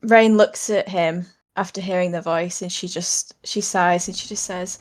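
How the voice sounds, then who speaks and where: A woman's voice: on the low side, fairly even intonation, moderate pace. A woman playing a tabletop role-playing game, describing her character's actions in a chatty, casual way. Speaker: player.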